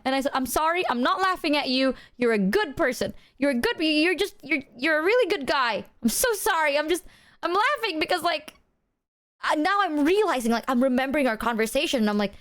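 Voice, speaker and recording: A woman streamer telling a story to her chat in a casual, animated way, swearing freely. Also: sits high, fairly quick.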